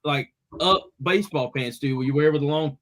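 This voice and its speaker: A man's voice: fairly high pitch, brisk, a bit bright. A man, casually telling a story on a podcast and acting out what people said. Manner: laid-back storyteller, acts out quotes. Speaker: podcast co-host.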